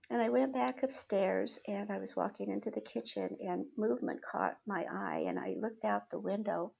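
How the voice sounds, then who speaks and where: Middle-aged lady chatting through a story, laughs a lot, breathy raspy voice, muffled sound. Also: medium pitch, a little mellow. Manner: chatty, laughs often, acts out quotes. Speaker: spiritual reader, podcast guest. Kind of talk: personal storytelling.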